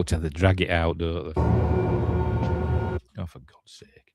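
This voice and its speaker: A man's voice: low voice, flat delivery, slow, gravelly, loud music behind the voice. A man with a Yorkshire accent hosting a casual film review, retelling scenes in a rambling, chatty way full of fillers and chuckles. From Yorkshire, England. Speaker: film reviewer, channel host.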